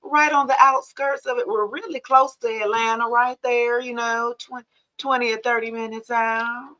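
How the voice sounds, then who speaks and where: A woman's voice: on the high side, fairly even intonation, normal speed, bright, forceful tone, muffled recording. Chatty woman on a livestream. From Georgia, USA. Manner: chatty, laughs often, greets viewers by name. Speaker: tarot reader hosting a livestream. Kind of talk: casual livestream chat with viewers.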